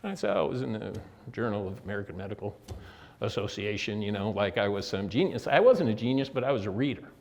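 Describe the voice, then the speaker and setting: A man's voice: on the low side, quick pace, darkish tone. Older man, guest speaker, motivational talk, folksy storytelling, talks straight to the room. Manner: folksy storytelling, acts out quoted dialogue; direct address to listeners. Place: prison meeting room.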